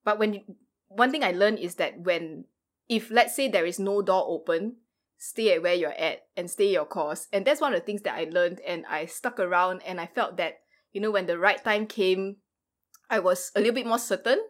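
A woman in her thirties who works in ministry, talking through her thoughts in a casual panel chat, pausing often with fillers and restarts. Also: on the low side. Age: 30s. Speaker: ministry worker, panel guest.

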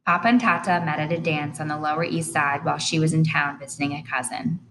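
A woman's voice: low voice, steady tone, fast, fairly bright tone, slight background noise, rough recording. A woman narrating an audiobook in the first person with earnest, plain storytelling.

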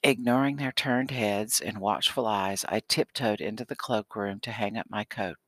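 Low, bright-voiced man narrating. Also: steady tone, normal speed, no room sound. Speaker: audiobook narrator. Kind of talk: scripted audiobook narration.

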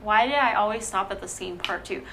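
A bright, forward-sounding woman co-hosting a casual podcast. She chats loosely, laughs a lot and often trails off or restarts her sentences. Faint room noise sits behind her. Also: mid-range voice, fairly quick, gravelly. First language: Vietnamese heritage, speaks English. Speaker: podcast co-host. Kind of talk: casual chat.

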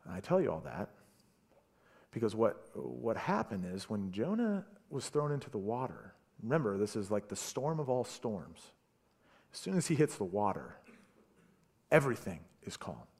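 A man preaching a sermon, retelling a story with animated delivery and stammered repeats. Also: lowish voice, normal speed, slightly rough. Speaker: pastor.

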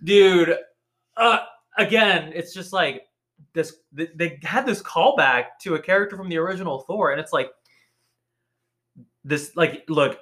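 A young man with a bright, forceful voice, talking a little higher than most men. He co-hosts a podcast in loose, profane chat, laughing often and leaning on filler words. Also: a little slow, long pauses. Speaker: podcast co-host. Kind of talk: casual chat.

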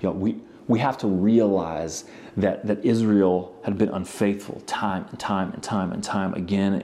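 A man's voice: sits low, warm tone. A male pastor preaching in a conversational, storytelling way, with frequent asides to the congregation. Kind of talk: sermon.

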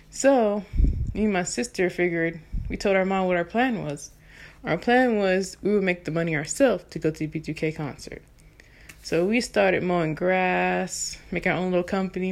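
Chatty woman from Texas, low-pitched. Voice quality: soprano singer. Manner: animated, chatty, lots of fillers. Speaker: vlogger. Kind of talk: casual storytelling.

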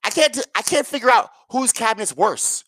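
A woman's voice: on the high side, expressive, moderate pace, fairly bright tone, dry recording. A woman rants to her viewers, sarcastic and profane, her voice swinging up and down with exasperation. The sound is dry and close, with no room around it. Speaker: political commentator. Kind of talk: angry political rant to viewers.

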